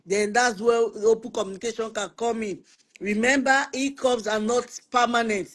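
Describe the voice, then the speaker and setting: Animated woman teaching on marriage. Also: a little high, moderate pace. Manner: animated, acts out spouses' quoted lines; repeats words for emphasis. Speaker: host of a Christian family talk show. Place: online live stream.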